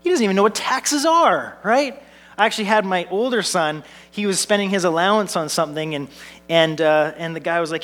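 A man's voice: high-pitched, fairly quick, a bit bright. A man, a pastor preaching a sermon in an earnest way, building with repeated phrases and telling family stories.

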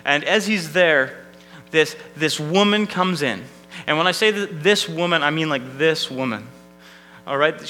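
A man's voice: fairly high pitch, sharp tone, poor audio. A man preaching a sermon as pastor, in a conversational, self-deprecating way with frequent restarts.

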